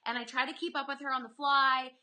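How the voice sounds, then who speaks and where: Bright, upbeat woman in her 30s, lively storyteller guest on a video call. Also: high voice, quick pace. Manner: animated, chatty, lots of fillers. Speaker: guest, former Olympic swimmer. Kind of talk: casual interview storytelling.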